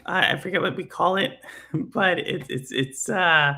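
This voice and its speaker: Texan woman, middle-aged, gravelly voice, bright tone, rambling stream host, lots of fillers. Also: fairly low pitch, measured pace. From Houston, Texas. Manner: rambling, filler-heavy, laughs often. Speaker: livestream host. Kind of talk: casual gaming talk stream.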